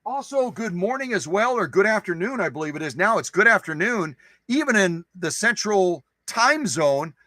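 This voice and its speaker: A man's voice: high voice, very animated, normal speed, pushed and bright, dry recording, low-quality recording. A man hosting a live stream who chats casually with viewers, greeting them by name in a playful, goofy way and repeating phrases for fun.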